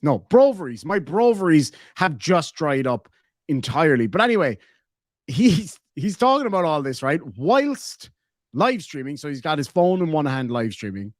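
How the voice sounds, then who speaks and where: Irish guy on a live stream reading comments, bouncy pitch, fairly high voice, dry close sound. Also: dry recording. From Ireland. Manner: jokey, reads viewer comments aloud. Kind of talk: casual live stream chat.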